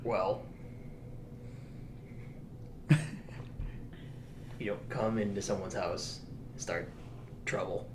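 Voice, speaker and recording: A man playing in a tabletop game, giving quiet, mumbled, hesitant answers. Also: lowish voice, fairly even intonation, drawn-out words, long pauses, roomy sound, noisy background. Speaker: player.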